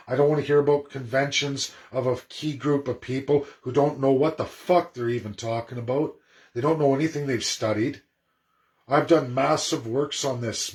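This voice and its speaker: A man's voice: mid-range voice, rough recording. Man, political commentator, ranting monologue, indignant, emphatic, profane, rhetorical questions.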